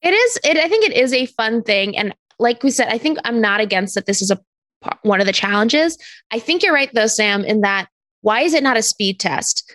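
A woman's voice: fairly high pitch, expressive, fairly quick, a bit bright, dry recording. A woman co-hosting a podcast in casual chat, laughing often and acting out what others said. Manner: laughs often, acts out quotes. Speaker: podcast co-host.

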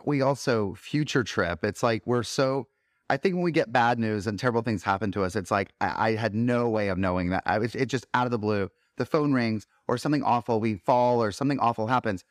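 A man's voice: medium pitch, fairly quick, no room sound, studio quality. A man co-hosting a podcast, talking reflectively and affirming what the others say. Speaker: podcast co-host. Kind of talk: casual conversation.

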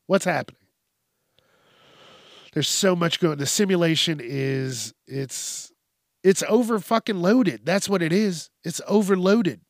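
A man hosts his own podcast, delivering a casual monologue that turns into a blunt, profane, rambling rant. His voice sits high and his pace is measured, recorded with studio quality and no echo.

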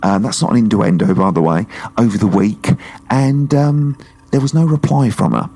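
A man reviewing films in a casual podcast chat, rambling and jokey, his voice going hoarse. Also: on the low side, moderate pace, mellow. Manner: rambling and jokey, talking like a pirate cockney. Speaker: film reviewer.

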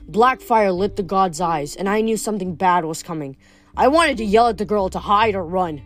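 A woman reading a novel aloud in steady storytelling, with small slips, faint music behind. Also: mid-range voice, moderate pace. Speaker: reader.

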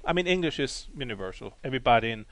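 A man's voice: mid-range voice, expressive, rapid-fire, a bit bright, no echo. Guest: German man, accented English, easygoing, mid-range voice. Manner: hesitant, laid-back, laughs easily. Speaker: podcast guest. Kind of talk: casual chat.

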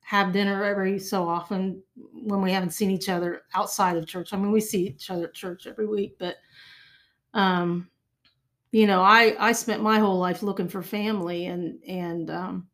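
A woman's voice: medium pitch, steady tone, normal speed, fairly bright tone. An older woman from Ohio, a podcast guest talking in an earnest, reflective way. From Ohio, USA. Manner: earnest, reflective, restarts phrases. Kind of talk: casual conversation.

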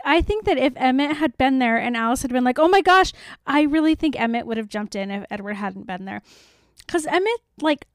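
A young woman co-hosting a casual book discussion, enthusiastic and giggly, musing out loud. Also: high-pitched, no echo. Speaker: podcast co-host.

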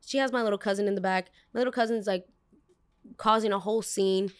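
Rambling, expressive woman podcast host. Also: mid-range voice, fast talker, smooth. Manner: rambling, expressive, swears casually. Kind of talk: casual storytelling podcast.

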